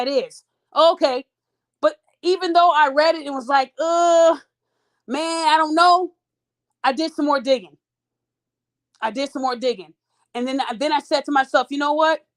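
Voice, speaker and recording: A woman hosting a podcast, telling a long story in a casual, animated way and talking straight to her listeners. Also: sits high. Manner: animated, addresses listeners as y'all. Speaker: podcast host.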